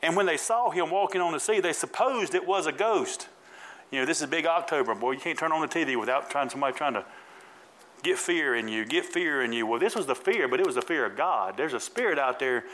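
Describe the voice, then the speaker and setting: A man's voice: on the high side, animated, quick pace, fairly bright tone, poor audio. A man preaching a sermon in colloquial style, asking the congregation to repeat after him and calling out members by name while dramatically retelling a Bible story. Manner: call-and-response preaching, calls congregants by name. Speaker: pastor.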